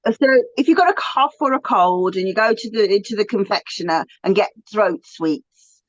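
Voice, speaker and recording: A woman's voice: medium pitch, lively intonation, normal speed, no room sound, dull audio. A woman with a British accent, co-hosting a casual chat in a chatty, enthusiastic way. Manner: chatty, enthusiastic, self-talking asides. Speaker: podcast co-host.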